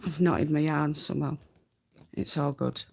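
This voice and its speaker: A woman from North Yorkshire, England, with a Yorkshire accent hosts a live stream, offering homely, chatty spinning tips and laughing often. Her voice sits low and is creaky, darkish, and breathy-edged, with fairly even intonation and a slightly slow pace.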